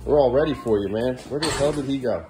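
A man's voice: mid-range voice, fast talker, background noise. A man filming a casual family vlog, chatting playfully and coaxing his young sons at home in the kitchen. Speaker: dad vlogging with his kids. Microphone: handheld camera filming himself.

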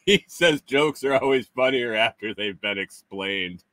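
A middle-aged man hosting a casual live stream, reading chat comments aloud and teasing viewers with chuckles and halting restarts. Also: medium pitch, lively intonation, bright, forceful tone, no room sound.

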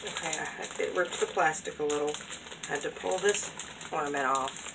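A woman's voice: low-pitched, brisk, creaky, very noisy. A woman vlogger, chatting casually as she unboxes craft mail, gushing and gasping with delight at each item. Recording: crinkling packaging and clicks over the voice.

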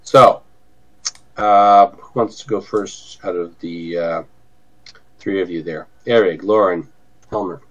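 A man running an online tabletop game as game master, talking haltingly and often saying okay. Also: low-pitched, steady tone, a bit bright, dull audio.

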